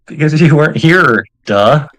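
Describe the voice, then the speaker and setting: A man voicing a sassy teenage daughter during a live group reading, teasing and drawn-out. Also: fairly high pitch, animated, fairly bright tone, rough recording.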